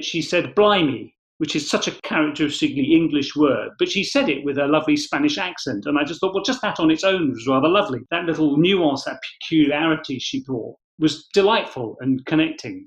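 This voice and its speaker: A man speaking as a podcast guest, explaining his ideas in a thoughtful, measured way with gentle restarts. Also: fairly high pitch. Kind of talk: reflective conversational explanation. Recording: slightly dull lo-fi sound.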